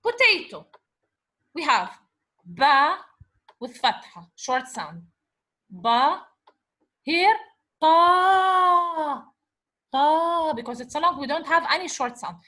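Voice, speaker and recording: A woman teacher with a high, bright voice leads a recorded revision lesson. She takes her time, sounds words out syllable by syllable, and keeps asking whether the class is following. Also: big pitch swings, slightly rough. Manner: slow, patient syllable-by-syllable decoding; switches between English and Arabic words. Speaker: Arabic teacher.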